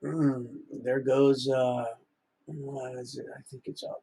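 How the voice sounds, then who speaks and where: A man's voice: medium pitch, fairly even intonation, measured pace, creaky, mellow, slightly rough. A middle-aged man rambling through a live-stream monologue, often wandering off topic. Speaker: livestreamer.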